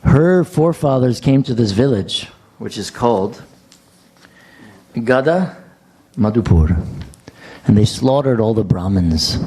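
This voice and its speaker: A man's voice: medium pitch, lively intonation, measured pace, pauses often, dark tone, slightly rough. A man giving a class at a temple, telling chatty, joking anecdotes to a gathered audience. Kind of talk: storytelling scripture class.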